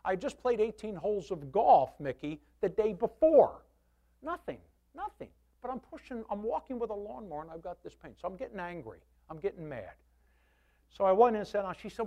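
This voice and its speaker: A man in his sixties, a pastor, telling a personal testimony to his congregation in an animated, candid way with self-deprecating humor. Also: high voice, normal speed.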